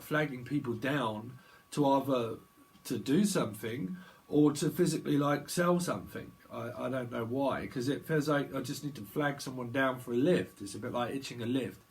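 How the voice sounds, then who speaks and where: A man giving a rambling psychic tarot reading, chatty and digressive, laughing often. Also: mid-range voice. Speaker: tarot reader.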